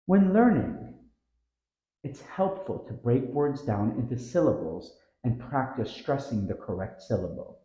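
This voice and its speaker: A man's voice: medium pitch, very animated, dark tone, reverberant, poor audio. A man narrating a scripted pronunciation lesson, drawing out the words he models. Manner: slow, drawn-out model words with stressed syllables. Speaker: pronunciation teacher.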